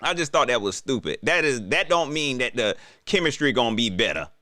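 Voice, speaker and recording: A man's voice: mid-range voice, lively intonation, fairly quick, pushed and bright, no room sound, clean studio sound. A man giving a casual, joking sports rant, incredulous and repeating himself for effect. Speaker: sports commentator.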